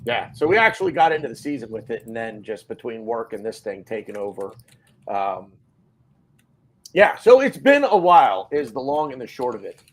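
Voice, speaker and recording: Chatty lively male fan show host. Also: mid-range voice, normal speed, a little hiss or hum. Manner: chatty, jokey, lots of fillers. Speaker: podcast host. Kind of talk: casual fan show chat. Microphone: video call.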